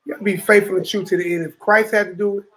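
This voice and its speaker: A man leads a Bible study with an emphatic preaching delivery, his voice sitting notably high. He keeps checking in with the listeners around him. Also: fairly even intonation, racing, a bit bright, rough recording. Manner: emphatic, repeats "you know what I'm saying". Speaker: teacher leading a Bible study. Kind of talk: preaching to a room of brothers.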